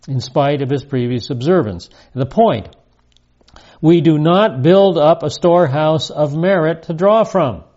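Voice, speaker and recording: 75 yr old guy teaching bible verse by verse, kinda high voice, punches the key lines, muffled old recording. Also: a little mellow. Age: 70s. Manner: emphatic, stresses key phrases. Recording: dull lo-fi recording.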